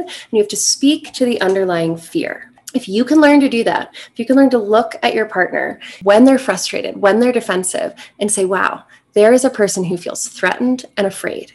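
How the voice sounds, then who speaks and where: Earnest woman coaching the viewer. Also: mid-range voice. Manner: warm, earnest and encouraging, speaking straight to the viewer. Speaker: relationship coach. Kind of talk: direct-to-camera advice talk.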